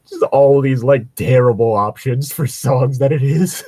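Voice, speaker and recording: A man's voice: medium pitch, expressive, measured pace, mellow, breathy edge, no echo. A man reading a fan story aloud in a casual comedic read-along, laughing often and swearing through rambling asides.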